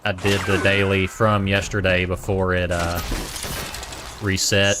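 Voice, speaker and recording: Man with a Boston accent, deep unhurried voice, casual game-stream chatter, faint hiss behind. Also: little pitch movement. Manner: chatty, thinks aloud, mumbles asides. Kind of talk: casual gameplay commentary.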